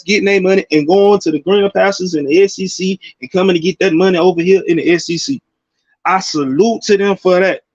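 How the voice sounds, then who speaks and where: A man in his forties giving casual, slangy college football commentary, animated, with loud bursts. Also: sits high, no echo, lo-fi sound. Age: 40s.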